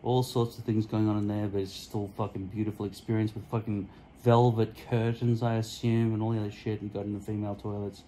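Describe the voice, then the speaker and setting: Filming on a phone stuck to a mirror at home, a man rants solo to the camera, rambling through profane tangents and mock-offensive jokes. His voice sits on the low side, warm and level, and he talks fast. The audio is poor, with a little hiss or hum.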